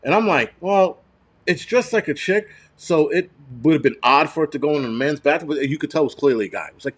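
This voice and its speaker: A man hosting a live stream, telling a long crude story full of swearing and reading viewer comments as he goes. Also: fairly high pitch. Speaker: host.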